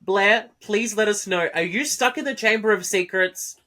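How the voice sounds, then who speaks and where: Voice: medium pitch, moderate pace, pushed and bright. A podcast co-host in casual chat about wrestling, making dry, brief remarks.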